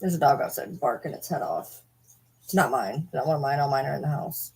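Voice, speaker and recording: A woman's voice: sits low, expressive, a little fast, creaky, a little mellow, slightly rough. A woman chatting casually to camera from her bed at home, breaking off to coo at her pets. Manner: chatty, drifts into baby talk with her animals. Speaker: vlogger.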